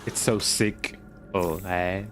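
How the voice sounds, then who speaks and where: A man with a slightly low voice talks through a horror game as he plays. He rambles and jokes to himself, repeats words in silly riffs, and keeps adding "eh?". A faint ambient hum sits under his voice. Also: steady tone, slow. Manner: chatty, playful, adds "eh?" to remarks. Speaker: streamer playing a horror game. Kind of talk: casual gaming commentary.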